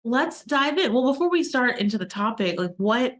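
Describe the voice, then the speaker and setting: A woman's voice: fairly high pitch, expressive, moderate pace. A woman hosting a casual podcast, chatty and laughing easily as she interviews a guest. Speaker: podcast host and law firm owner.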